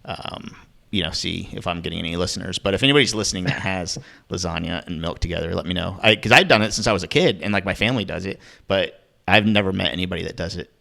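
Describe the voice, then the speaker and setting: Speaking fast in a low, creaky voice with a sharp tone, a man hosts a podcast. His casual chat is rambling and self-deprecating, packed with fillers.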